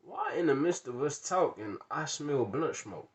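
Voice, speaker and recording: A man telling a funny personal story in casual slang, acting out the dialogue and bursting into loud rants. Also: on the high side, big pitch swings, unhurried.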